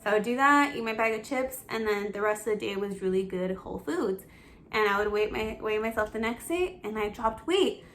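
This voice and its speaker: A woman's voice: mid-range voice, expressive, a little fast, a bit bright, a little hiss or hum. A young adult woman telling her personal fitness story to camera, candid and emotional, laughing through tears and acting out her own self-talk. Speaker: fitness vlogger.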